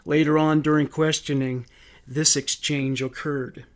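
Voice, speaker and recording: A man narrating a true crime story in a measured, somber scripted reading. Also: fairly high pitch, level tone.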